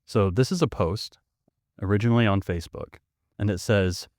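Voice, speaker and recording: A man's voice: on the low side, normal speed, darkish tone, no echo, studio quality. A man hosting a podcast, reading a story aloud with sardonic, mocking asides. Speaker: podcast host.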